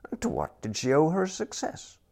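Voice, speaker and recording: A man voicing a warm, friendly young woman who talks breezily. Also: fairly high pitch, huge pitch swings, normal speed, voice pushed up, full character voice. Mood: breezy.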